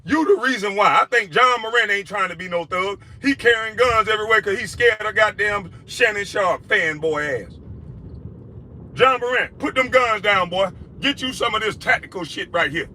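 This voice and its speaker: A former pro basketball player delivering an angry, profane video rant, heated and insulting. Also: male voice, high voice, animated, normal speed, pushed and bright, a little hiss or hum.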